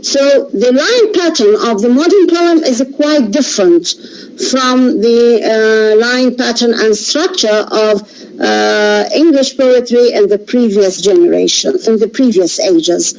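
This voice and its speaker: A woman whose first language is Arabic, giving an English lecture slowly with many hesitations and self-corrections. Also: fairly high pitch, darkish tone, highs cut off.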